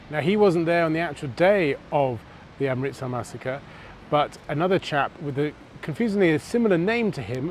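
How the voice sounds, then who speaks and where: Male history presenter, slightly higher voice, storytelling on location with faint traffic behind. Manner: storytelling, conversational, dramatic pauses. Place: outdoors on city streets.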